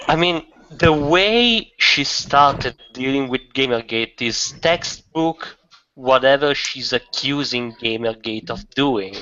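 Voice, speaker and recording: A man speaks slowly and deliberately in casual chat, skeptical. His tone is bright. The sound is muffled and lo-fi. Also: medium pitch, animated.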